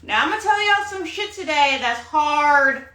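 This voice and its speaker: Sassy livestream tarot reader, woman, a touch high, bright, dramatic pauses. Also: lively intonation, reverberant. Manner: sassy, dramatic, peppered with "okay?" and "honey". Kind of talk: casual livestream monologue. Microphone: phone livestream.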